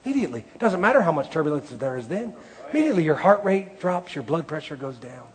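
A man's voice: fairly high pitch, sing-song, fast. A male preacher delivering a sermon in a rhythmic cadence with repeated phrases.

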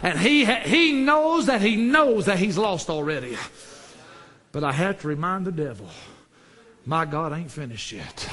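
High-voiced preacher. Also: male voice, very animated, unhurried. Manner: rises to fervent shouts, then drops low. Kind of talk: sermon.

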